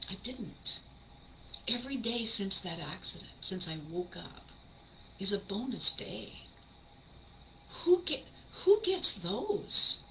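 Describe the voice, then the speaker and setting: A woman talks unhurriedly in a bright voice, hosting a motivational podcast. She is animated and emphatic, often breaking into laughter, and acts out other people's lines. Her delivery stays measured. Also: fairly low pitch, slight background noise, low-quality recording. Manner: acts out quoted people in a shifted voice. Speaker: podcast host. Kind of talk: motivational talk.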